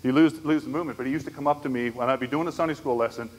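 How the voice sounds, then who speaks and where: A man's voice: mid-range voice, racing. A man giving a conversational church conference lecture on disability ministry, telling stories and checking in with the audience. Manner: conversational, storytelling with frequent "right?" asides. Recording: echoey hall, faint background noise.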